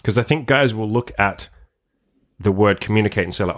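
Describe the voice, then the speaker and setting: A man's voice: fairly low pitch, fairly quick, fairly bright tone. A young man hosting a podcast, talking in a brash, profane, joking way in casual chat. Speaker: podcast host.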